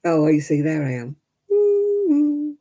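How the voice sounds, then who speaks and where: A woman's voice: on the low side, wildly swooping pitch, measured pace, warm tone. An older woman chatting casually with viewers on a crafting livestream, rambling and laughing often. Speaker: livestream host. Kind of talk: casual live-chat crafting stream.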